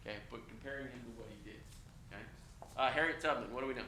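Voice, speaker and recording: A man's voice: mid-range voice, very fast. A man teaching a college class, talking casually and energetically, checking in often with "okay?". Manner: energetic, conversational, frequent "okay?" check-ins. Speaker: college instructor. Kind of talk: classroom lecture. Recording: echoey classroom with faint noise.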